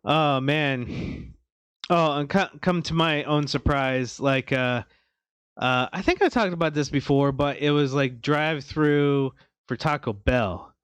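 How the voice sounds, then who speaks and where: A man co-hosting a casual podcast, telling stories loosely with swearing and excited outbursts. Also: on the high side, slow pace, clear, resonant tone, no room sound. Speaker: podcast co-host. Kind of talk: casual chat.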